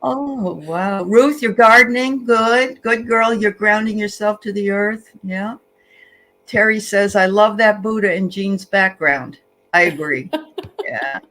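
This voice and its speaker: Bright-voiced woman co-hosting a livestream. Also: medium pitch, slow pace, poor audio. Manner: greets viewers by name, chatty with frequent fillers. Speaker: livestream co-host. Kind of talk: casual livestream chat.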